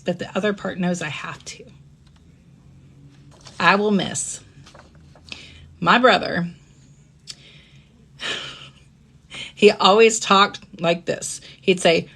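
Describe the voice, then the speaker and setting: A woman with a somewhat low voice hosts a live-streamed personal talk. She speaks reflectively, dropping quieter in tender stretches. She keeps checking in with her listeners by asking "right?". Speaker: host.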